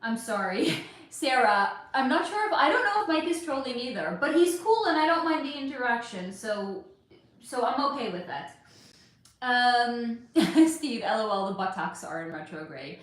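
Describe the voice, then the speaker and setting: A woman's voice: on the high side, big pitch swings, moderate pace. A woman hosting a psychic livestream, chatting candidly with viewers and swearing freely as she answers their comments. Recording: very echoey room.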